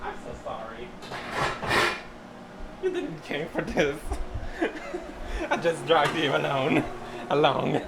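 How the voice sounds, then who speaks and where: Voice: mid-range voice, big pitch swings, slow pace, gravelly, long pauses, heavy background noise. A podcast host talking casually while cooking at home, rambling, laughing and swearing through each step. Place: home kitchen.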